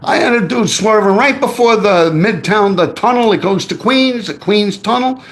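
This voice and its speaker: A man telling city stories on a live stream in an animated, profane, slangy way, often tagging "man" onto his lines. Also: high-pitched, normal speed. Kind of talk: casual live-stream storytelling.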